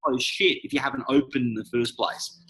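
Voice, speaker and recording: Podcast guest, forties, blunt and profane, bright and forceful tone. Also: male voice, medium pitch, brisk, low-quality recording. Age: 40s. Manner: blunt, profane, animated storytelling. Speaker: sales coach guest. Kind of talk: casual podcast chat.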